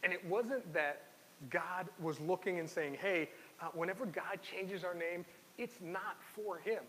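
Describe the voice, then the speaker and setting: A man's voice: high-pitched, unhurried, fairly bright tone. A man preaching a sermon in an earnest, personal way, reading scripture aloud and telling his own story. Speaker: pastor. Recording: long hall reverb with faint hiss.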